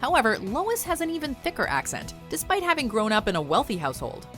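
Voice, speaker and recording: Brief: wry female countdown narrator, animated, soft music under her. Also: on the high side, fast. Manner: wry, lively delivery. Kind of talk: scripted narration.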